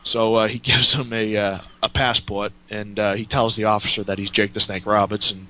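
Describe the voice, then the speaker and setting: Bright-voiced man telling a profane story. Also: lowish voice, normal speed. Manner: excited, swears constantly, acts out quotes. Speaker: storyteller guest.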